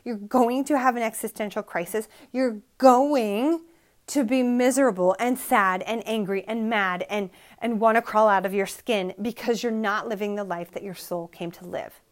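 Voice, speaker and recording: A woman's voice: a little high, moderate pace. A middle-aged woman hosting a solo motivational podcast from her bedroom, preaching with emphatic repetition and sounding emotionally drained. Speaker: podcast host.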